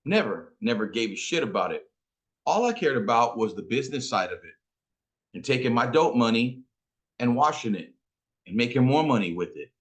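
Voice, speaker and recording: A man in his forties telling a personal story about his late mother, slow and emotional, with some street slang. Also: medium pitch, sing-song. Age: 40s. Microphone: interview.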